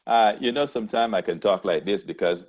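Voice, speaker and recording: A man from Panama with a Panamanian accent, speaking at a town hall discussion in a reflective, halting way with many restarts. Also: fairly low pitch, a little mellow, lo-fi sound.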